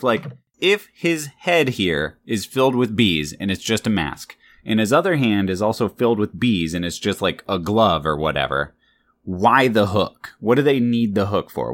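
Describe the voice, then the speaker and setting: Very low-voiced woman asking probing questions. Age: adult. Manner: curious, probing follow-up questions. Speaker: parent interviewing a child. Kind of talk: casual chat.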